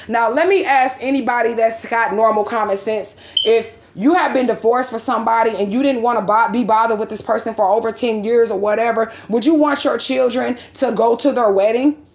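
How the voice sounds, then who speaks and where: Heated, blunt woman with a high voice. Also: fairly even intonation, fairly quick, reverberant. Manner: blunt, heated and profane, with repeated rhetorical questions. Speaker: vlogger. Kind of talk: casual storytime reading out messages.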